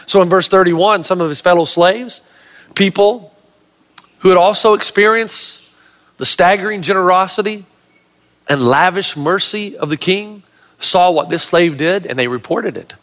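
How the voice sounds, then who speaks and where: Bright, animated preacher man in a hall. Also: high-pitched. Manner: animated, emphatic storytelling with casual humor. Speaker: pastor. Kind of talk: sermon. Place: large church hall with a live audience. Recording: long hall reverb.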